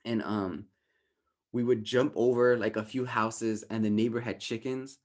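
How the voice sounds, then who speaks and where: A man from Southern California leading a workshop in casual, animated teaching talk, tagging his points with "right?", swearing lightly and laughing at himself. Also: mid-range voice, unhurried. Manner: animated, often ends points with a questioning "right?"; acts out inner voices in raised, playful tones. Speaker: workshop facilitator.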